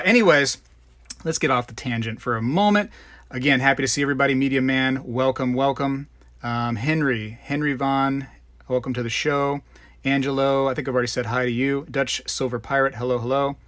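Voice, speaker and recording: A man's voice: medium pitch, a bit bright, dry recording. A man hosting a live stream in casual, rambling chat, greeting viewers by name. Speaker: livestream host.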